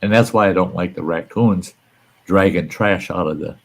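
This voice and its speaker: A man with a very low voice hosts a casual live stream chat. He tells rambling, folksy stories and swears mildly now and then. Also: normal speed, vocal fry, poor audio. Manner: rambling, folksy storytelling with mild cursing.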